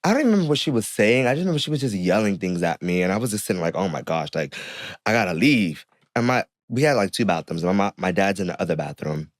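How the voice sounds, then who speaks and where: Animated young man telling a story. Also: on the low side, very fast, hardly any pauses, no room sound, studio quality. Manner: animated storyteller who acts out the people he quotes. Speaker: podcast guest. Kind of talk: casual storytelling chat.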